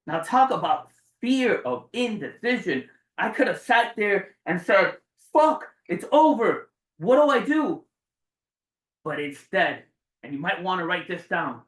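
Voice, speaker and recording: A man in his forties giving a motivational speech to a live audience, dramatic and swearing, jumping between loud bursts and hushed low lines. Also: distant mic. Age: 40s. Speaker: motivational speaker. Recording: roomy sound from away from the mic.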